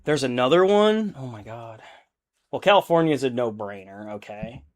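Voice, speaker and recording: A man's voice: medium pitch, lively intonation, moderate pace. A young adult man chatting casually on a live stream while painting miniatures, rambling, thinking aloud and laughing easily.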